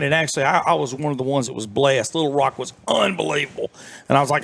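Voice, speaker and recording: A middle-aged former FBI agent from the southern United States rambles through folksy stories as a guest in a casual interview, full of fillers and restarts. His voice is a little high, gravelly, and a bit bright. He talks fast and expressively.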